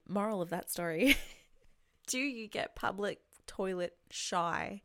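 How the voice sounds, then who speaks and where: A woman's voice: medium pitch, slow pace, sharp tone. A young woman hosting a casual solo podcast, chatty and candid, swearing freely and often dropping into whispered asides. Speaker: podcast host.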